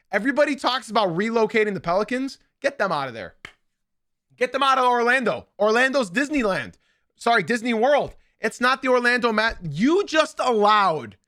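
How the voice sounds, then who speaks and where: A young man hosting a sports podcast, emphatic and animated, often repeating his lines for effect. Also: sits high. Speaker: podcast host.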